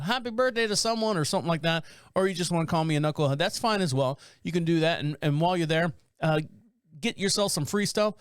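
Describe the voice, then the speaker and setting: Chatty guy hosting a podcast, kinda high, smooth clean voice. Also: no room sound, clean studio sound. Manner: rambling, chuckling, loose storytelling. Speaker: podcast host. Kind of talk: casual podcast chat.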